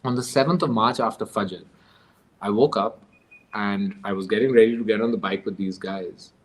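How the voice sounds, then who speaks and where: A man from Pakistan, an interview guest, telling his story in a lively conversational way, acting out the voices of the people he met and laughing between lines. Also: on the low side, normal speed, low-quality recording.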